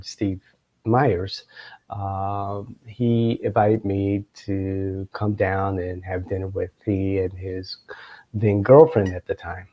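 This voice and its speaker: A middle-aged man spins a long personal anecdote as a show host. His talk wanders, full of pauses and small chuckles, in a somewhat low voice. The sound is dull and a little lo-fi. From Florida, United States. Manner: meandering, many filler sounds, chuckling asides. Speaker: political consultant and show host. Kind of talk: anecdotal storytelling to camera.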